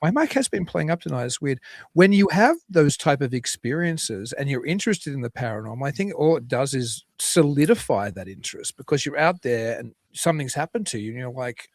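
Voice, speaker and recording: A man's voice: mid-range voice, big pitch swings, brisk, no echo. A man hosting a podcast interview over a video call, talking in a rambling way with dry humor. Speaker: podcast host.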